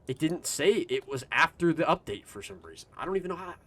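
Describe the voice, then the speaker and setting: A man's voice: fairly high pitch, expressive, fast, fairly bright tone. A man streaming a video game live, rambling to his chat in a loose, casual way and swearing freely. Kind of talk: casual gaming stream commentary.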